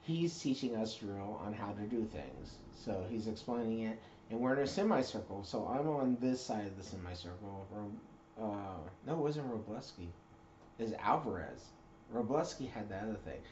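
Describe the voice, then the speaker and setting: A man's voice: fairly low pitch, animated, normal speed, darkish tone, a little hiss or hum. Man rambling through an echoey story. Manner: rambling, many fillers and self-corrections. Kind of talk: casual storytelling. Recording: roomy dull recording.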